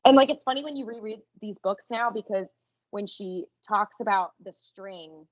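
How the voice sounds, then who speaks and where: A woman's voice: mid-range voice, normal speed. A woman chatting casually in a book club, rambling and giggly, with lots of filler words. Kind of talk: casual chat. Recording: dull lo-fi recording.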